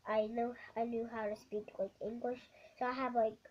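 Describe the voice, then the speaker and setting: Kid girl rambling at her camera, high-ish voice, lotsa ums, kinda muffled audio. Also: flat delivery, a little mellow. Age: child. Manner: halting, many ums and restarts. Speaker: vlogger. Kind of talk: rambling casual vlog.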